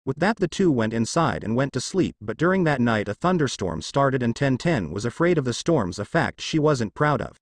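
Man narrator, fan fiction reading, steady, lively pitch, dry close sound. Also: normal speed, hardly any pauses, dry recording.

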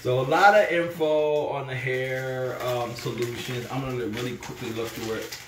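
A man's voice: medium pitch, steady tone, normal speed, reverberant, far from the mic, background noise. A man co-hosting a family cooking vlog, joking and laughing as he opens a box from a fan. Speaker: cooking channel co-host. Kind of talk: casual family vlog chat.

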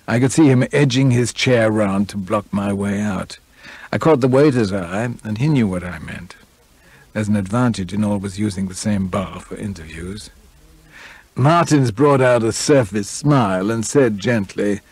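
A man narrating a novel in a low, gravelly voice with a husky edge. His delivery is measured and understated, and the recording is close and dry with no room sound. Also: a little mellow, no room sound. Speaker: audiobook reader. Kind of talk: first-person novel narration.

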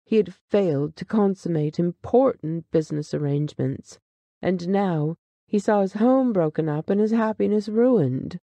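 Slow, mellow audiobook storyteller. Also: medium pitch, no room sound. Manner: measured, dramatic storytelling. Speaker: narrator. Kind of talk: audiobook narration of a classic short story.

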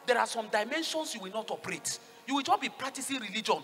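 A woman with a Nigerian accent preaching a sermon, fervent, swinging from hushed tones to shouts and calling for answers from the congregation. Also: on the high side, very animated, quick pace, soft background music. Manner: call-and-response with the congregation.

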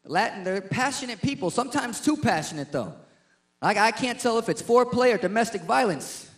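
A man's voice: extremely high pitch, animated, fairly quick, fairly bright tone. A man doing a stand-up comedy routine in a brash, punchy manner, teasing the crowd.

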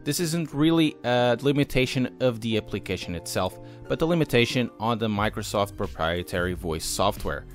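Man narrating a steady software review. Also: medium pitch, normal speed, hardly any pauses, faint music behind. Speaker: sim racing channel host. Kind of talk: scripted software review voice-over.

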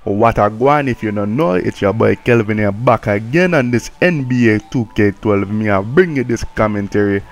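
A man's voice: on the low side, normal speed, few pauses, faint music behind, close to an everyday voice. A man voicing a brash, swearing male game commentator with a put-on Jamaican accent, calling the play live. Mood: boastful. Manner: swearing, mocking, excitable play-by-play.

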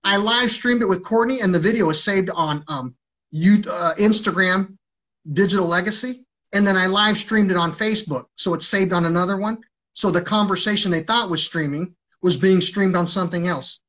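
A man's voice: sits high, moderate pace, fairly bright tone. A man ranting on a livestream in an agitated, rambling way, swearing heavily.

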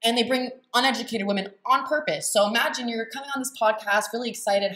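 A woman's voice: mid-range voice, quick pace, hardly any pauses, fairly bright tone. A young woman hosting a reaction video, talking in a blunt, sarcastic and profane way. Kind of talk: casual reaction commentary.

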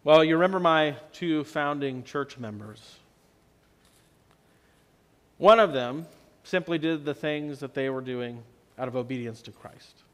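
A man preaching a sermon as pastor, telling the story in a conversational way and swinging between loud and soft for emphasis. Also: fairly high pitch, unhurried, long pauses, clean tone. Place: church sanctuary. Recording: long church reverb.

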